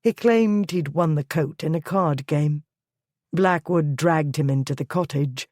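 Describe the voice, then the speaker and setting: An audiobook narrator giving a measured, even scripted reading of a historical romance. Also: medium pitch, no echo, studio quality.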